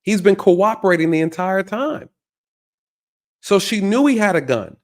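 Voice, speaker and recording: A man hosts a reaction video in a high, very animated voice with a darkish tone, talking at normal speed. He speaks emphatically to his viewers, repeating phrases so his points land.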